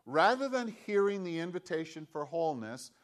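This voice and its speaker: A pastor preaches in a loose, conversational way, circling back with restarts. His voice sits a little high for a man, and he drives his points home with repeated, emphatic questions. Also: sing-song, moderate pace. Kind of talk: sermon.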